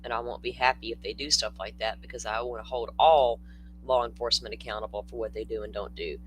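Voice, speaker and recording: A man's voice: lowish voice, steady tone, fast talker, a bit bright, slight background noise, rough recording. An older man hosting a true-crime livestream, talking casually and bluntly, answering viewers in the chat.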